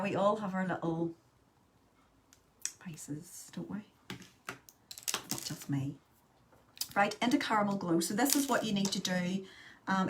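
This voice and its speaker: A woman's voice: mid-range voice, slight background noise. Chatty woman doing live makeup. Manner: chatty, reads out and answers live viewer comments. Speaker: makeup tutorial host. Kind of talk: casual live makeup tutorial chat.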